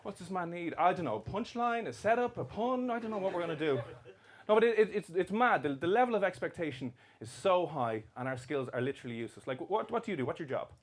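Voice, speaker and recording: A man's voice: sits high, expressive, fast talker. A man doing live stand-up comedy, bantering and swearing with the crowd in a mocking, brash way. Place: comedy club stage. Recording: live club recording with crowd noise. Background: crowd laughter.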